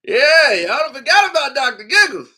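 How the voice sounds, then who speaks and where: A man's voice: very high-pitched, sing-song, normal speed, pushed and bright. A man from Chicago hosting a casual horror movie livestream, laughing often and acting out scenes as he talks.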